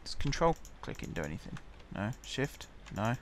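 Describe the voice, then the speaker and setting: A man talks through his game in a casual, half-muttered way, as if thinking aloud. His voice sits a bit low. Faint background noise and mouse clicks sit behind him. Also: very animated, normal speed. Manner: chatty, muttering to himself while building. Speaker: gaming channel host.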